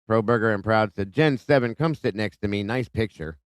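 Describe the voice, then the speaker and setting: Guy hosting a livestream, greets everyone by name, smooth voice, dry sound. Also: fairly low pitch, fairly quick, no room sound. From Ohio. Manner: friendly, greets viewers by name. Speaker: livestream host. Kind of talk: casual live chat reading viewer comments. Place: home in Ohio.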